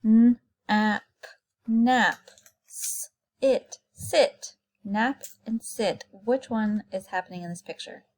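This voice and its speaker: A woman's voice: medium pitch, takes it slowly. A woman teaching kindergarten phonics, patiently sounding out letters and words for young children.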